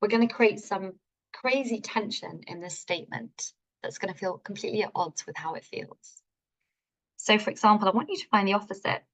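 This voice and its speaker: A woman leading a live online healing class, speaking in an enthusiastic, informal way with playful phrasing. Her voice sits in a middle pitch range for a woman. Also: fairly quick, lo-fi sound. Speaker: healing workshop teacher. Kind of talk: live online masterclass teaching.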